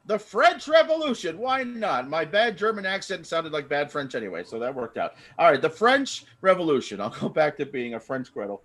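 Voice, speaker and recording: A man hosts a live improv show from home over a video call. His voice sits high and swings widely in pitch, and he rambles excitedly as he sets up each game. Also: a little fast, few pauses. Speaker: improv host.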